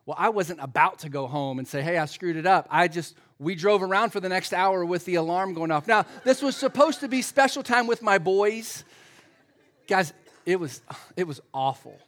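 A middle-aged man preaching a sermon, telling self-mocking stories to his congregation and building up to loud, excited shouting. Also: high-pitched, normal speed. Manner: self-deprecating storytelling to a congregation; rises to loud excited shouting in the story's climax. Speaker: pastor.

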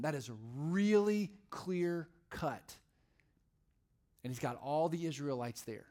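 A man's voice: fairly high pitch, lively intonation, slow pace, mellow. A male pastor preaching a sermon in a conversational, humorous storytelling way.

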